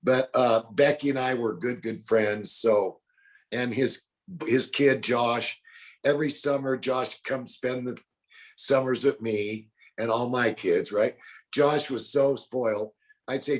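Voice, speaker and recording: An older man telling animated stories in an interview, acting out the people he quotes. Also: medium pitch, unhurried. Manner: colorful storyteller, acts out quotes in other voices. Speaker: bounty hunter guest.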